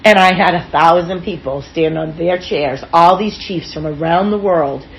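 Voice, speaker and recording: A woman speaking as an interview guest, telling personal stories in a frank, expressive way with casual swearing. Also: fairly low pitch, normal speed, gravelly, a little hiss or hum, low-quality recording. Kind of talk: candid personal storytelling in an interview.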